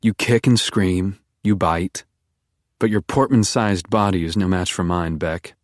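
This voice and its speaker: A man narrating a first-person psychological thriller audiobook in a calm, controlled, menacing manner. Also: low voice, unhurried, no room sound, studio quality.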